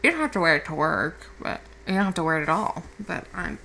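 A woman playing a caring girlfriend who has just woken up, speaking softly and reassuringly with casual swearing in an audio role-play. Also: low-pitched, big pitch swings, fast talker, gravelly, a little hiss or hum, exaggerated voice, low-quality recording. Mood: tender. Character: affectionate young woman, the listener's caring girlfriend.

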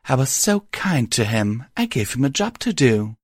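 A man's voice: medium pitch, very animated, moderate pace, husky, no echo, clean studio sound, voice pushed up. A man voicing a cruel female alicorn villain who mocks and gloats in a taunting manner.

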